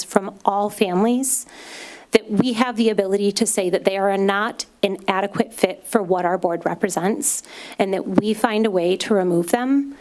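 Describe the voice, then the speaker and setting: A woman with a mid-pitched voice reads a prepared statement at a school board meeting. She sounds indignant but stays measured and deliberate, speaking into a podium microphone in a meeting room. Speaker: parent and resident at public comment.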